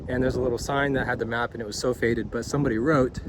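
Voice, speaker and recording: A young man hiking and talking to his camera outdoors, excited and slangy, laughing often and out of breath. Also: mid-range voice, fast. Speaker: hiking vlogger. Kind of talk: outdoor vlog commentary. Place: outdoors on a hiking trail by a waterfall. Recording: noisy outdoor recording.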